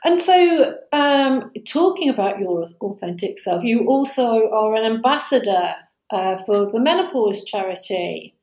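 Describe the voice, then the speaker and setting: A woman's voice: a little high, lively intonation, unhurried, darkish tone, reverberant, rough recording. A woman interviewing a guest, mostly listening with brief affirmations and asking questions. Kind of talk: conversational interview.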